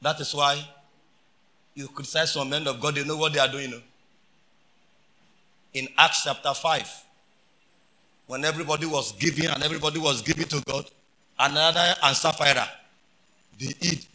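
Bright, shouting Nigerian preacher. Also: male voice, a little high, steady tone, normal speed, long pauses. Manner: preaching with shouted emphasis and storytelling, Pidgin phrases. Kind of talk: sermon.

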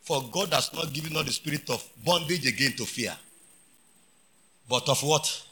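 A man with a Nigerian accent preaching a sermon, telling stories and shouting out his points. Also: fairly high pitch, normal speed. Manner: preaching with shouted emphasis and storytelling, Pidgin phrases.

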